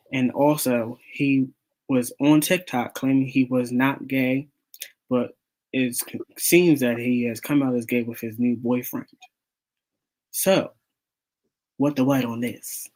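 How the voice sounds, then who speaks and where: Man reading gossip news playfully. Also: mid-range voice. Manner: reads news items playfully. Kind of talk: casual talk show chat.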